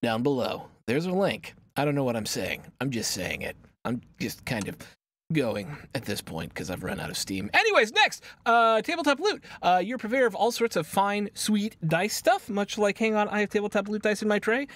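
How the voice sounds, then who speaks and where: A man's voice: high-pitched, normal speed. A man hosting a tabletop game stream, chatting casually and joking over a video call. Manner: animated, joking, rambling. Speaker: game master and stream host. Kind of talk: casual livestream chat.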